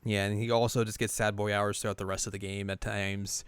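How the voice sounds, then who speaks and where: A man's voice: fairly low pitch, little pitch movement, fairly quick, clean tone, no room sound. Jokey male podcast host, dry sound. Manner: jokey, laughs often, drops into mock-gloomy asides. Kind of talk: casual podcast chat.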